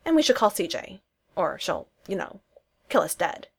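A woman's voice: lowish voice, sing-song, moderate pace, vocal fry, husky, exaggerated voice. A woman reading as dry, earnest politician man. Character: earnest, wry adult male politician.

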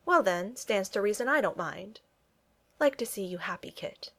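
A woman voicing a blunt, good-natured young Regency gentleman who talks in clipped phrases and drops his pronouns. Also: medium pitch, expressive, normal speed. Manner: clipped speech, dropped pronouns.

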